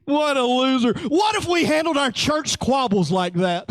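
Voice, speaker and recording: Very high-voiced, slow-talking male preacher. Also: expressive, fairly bright tone, no room sound. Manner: exclaiming, joking, laughing often. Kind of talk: casual preaching.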